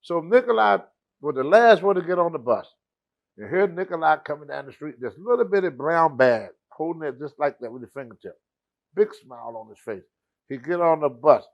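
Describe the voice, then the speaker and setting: A man who is a guest on a show, telling stories in a casual, animated way. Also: a little high, fairly quick, gravelly. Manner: animated, acts out the people in his stories. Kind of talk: casual storytelling.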